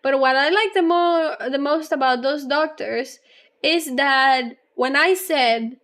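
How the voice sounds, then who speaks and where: A young adult woman streamer chatting casually with her live chat, rambling on at length and laughing often, a little low on energy. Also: slow pace, fairly bright tone. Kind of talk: casual livestream chat, reading chat aloud.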